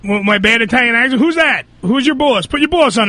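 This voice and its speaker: A man's voice: extremely high pitch, animated, a little fast, bright, forceful tone, no room sound. A man hosting a crude comedy radio show in a studio, brash and teasing with callers.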